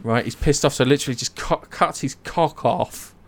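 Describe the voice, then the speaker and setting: A young man casually retelling myths, animated, swearing and acting out the characters' lines. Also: mid-range voice, normal speed. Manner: animated storytelling, swears, acts out quotes. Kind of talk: casual chat.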